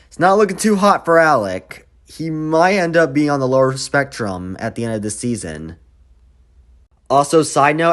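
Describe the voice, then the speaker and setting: A man hosting his own channel, giving an exasperated, swearing rant that swings between quiet grumbling and loud outbursts. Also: medium pitch. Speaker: channel host reviewing a cartoon episode. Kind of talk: ranting commentary.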